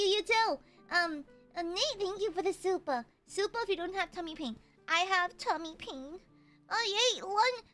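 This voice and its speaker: A young woman with a very high, bright voice chats on her livestream, thanking donors. She is bubbly and giggly, tossing in casual swears. Soft music plays faintly underneath. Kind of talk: casual chat reading donations.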